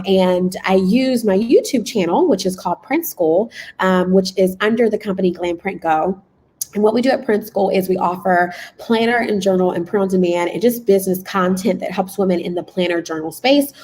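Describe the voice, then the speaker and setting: A young woman hosts a casual livestream training. She is chatty and excitable, repeats herself and leans on fillers. Her voice sits at an everyday middle pitch. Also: low-quality recording. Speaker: channel host and business coach. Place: school classroom.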